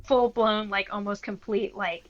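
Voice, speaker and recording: A woman's voice: medium pitch, steady tone, a little slow, lo-fi sound. A woman co-hosting a casual film discussion podcast, chatty and teasing, with lots of filler words. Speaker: podcast co-host.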